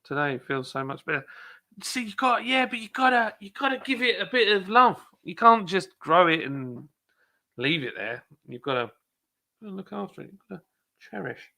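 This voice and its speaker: Gravelly chatty British-sounding man. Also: high-pitched, moderate pace, bright, forceful tone. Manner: chatty, self-deprecating, rambling with many fillers. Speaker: brewery livestream host. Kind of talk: casual live chat reading comments.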